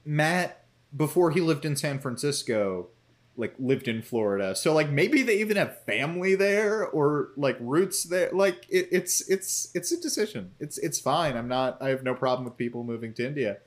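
A man co-hosting a casual TV recap podcast, animated and often quoting characters. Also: on the high side, moderate pace. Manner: animated, quotes characters in voices. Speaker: podcast co-host. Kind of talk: casual chat.

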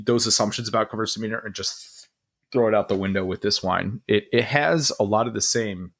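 Young male podcast co-host, low voice, rambling and excited, casual chat. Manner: enthusiastic, rambling with many fillers.

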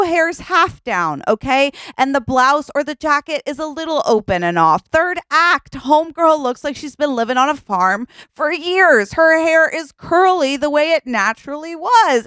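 A woman's voice: medium pitch, smooth, dry recording, natural voice. Woman playing an exasperated podcast partner. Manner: animated and bossy, explaining at length. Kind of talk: improvised comedy sketch.

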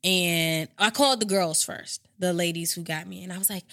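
Animated profane woman telling a story. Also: mid-range voice, normal speed, no room sound, clean studio sound. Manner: animated, profane, acts out her own quotes. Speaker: podcast host. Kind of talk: casual storytelling monologue.

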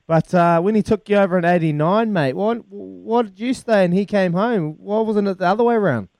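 Smooth-voiced male radio co-host. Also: high-pitched, fairly quick, darkish tone, no room sound. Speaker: radio sports show co-host. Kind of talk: casual radio chat.

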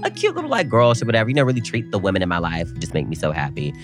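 A young man co-hosting a podcast, telling a story in animated casual chat and quoting people in big voices. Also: low-pitched, rapid-fire, over music. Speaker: podcast co-host.

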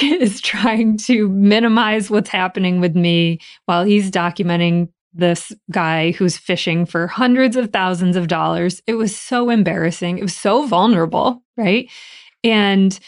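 A woman hosting a podcast, telling a personal story in a chatty way and laughing often. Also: medium pitch. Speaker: podcast host.

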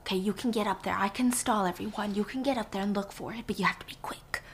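A woman's voice: medium pitch, fairly even intonation, fast, noisy background, lightly acted. A woman whispering the lines of an urgent, secretive male detective, as whispered role-play. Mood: urgent hushed.

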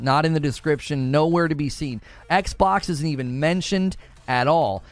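A man's voice: on the high side, dry recording. A man hosting a casual gaming livestream, reading viewers' chat comments aloud and laughing often. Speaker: gaming channel host reading live chat.

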